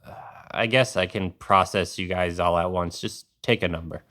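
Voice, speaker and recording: A jaded demon scribe , as a game master puts him on, with a deep, smooth voice. He talks in brisk, tired bureaucratic orders during a tabletop game. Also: a bit bright. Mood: weary. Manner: bored, clipped officialdom.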